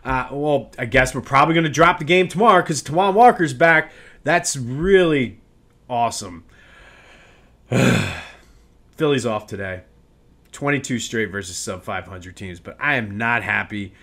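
Male sports podcast host, mid-pitch, agitated rant, stumbling restarts. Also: lively intonation, normal speed, creaky, a bit bright. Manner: worked-up ranting with restarts. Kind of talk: casual solo sports podcast.

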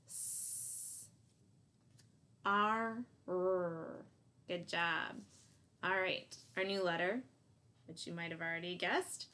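A woman's voice: on the low side, fairly bright tone. A woman teacher giving a phonics lesson to young children, sounding out letters and praising answers. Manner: slow, encouraging, sounding out letters.

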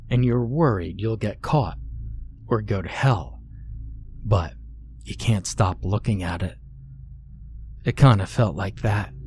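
A man reading a horror story aloud in measured, scripted narration. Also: on the low side, a little mellow, a little hiss or hum.

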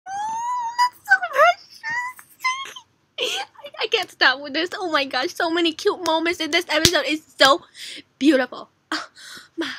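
A young woman hosting a reaction video, gushing and giggling with excitement. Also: very high-pitched, normal speed, background noise.

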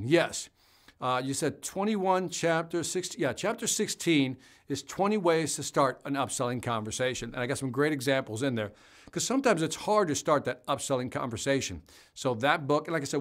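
A man hosting a live stream as a sales trainer, chatting energetically and answering viewer comments directly. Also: mid-range voice. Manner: energetic, conversational, talks straight to viewers.

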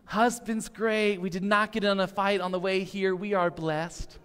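A man's voice: high-pitched, steady tone, unhurried, fairly bright tone, clear, resonant tone, long reverb tail. A man voicing a relative at a holiday gathering who insists, falsely upbeat, that everything is great. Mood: fake cheery.

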